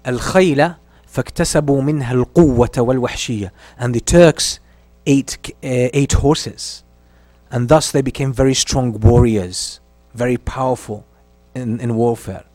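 A man's voice: medium pitch, a little mellow, dry recording. A man giving a religious history lesson. He recites Arabic lines, translates them and repeats key phrases for emphasis. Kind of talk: lecture on early Islamic history.

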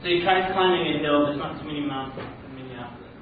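A Canadian man gives a religious talk at a quick pace in a slightly high voice, telling a story and animatedly voicing its characters. The background is noisy, and the recording sounds roomy, lo-fi, and distant.

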